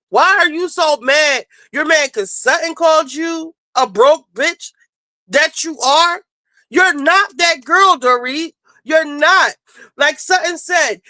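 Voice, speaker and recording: Female host, high voice, dry close sound, blunt and profane, casual commentary. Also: no room sound, low-quality recording. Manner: blunt, profane, fast-talking, animated. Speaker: show host. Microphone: home streaming setup.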